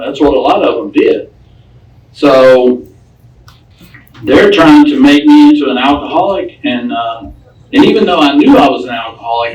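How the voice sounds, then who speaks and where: A man's voice: mid-range voice, a little mellow. A man with a mid-range voice tells his recovery story to a group in a folksy, plain-spoken way, repeating phrases as he goes. He is heard from some distance in an echoey room. Faint background noise sits under his talk. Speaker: recovery speaker. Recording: echoey room, speaker off-mic.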